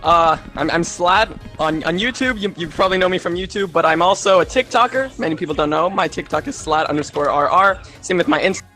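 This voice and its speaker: A man's voice: sits high, fast talker, hardly any pauses, pushed and bright, soft background music. A young man on a creator panel, talking casually, playful and joking with frequent laughs. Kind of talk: casual chat.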